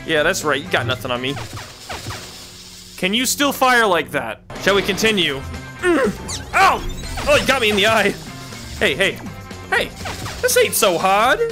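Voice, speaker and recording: A young man giving excitable, playful commentary while playing a virtual reality game. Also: sits high, unhurried, pauses often, over music. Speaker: gaming YouTuber. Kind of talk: VR gameplay commentary.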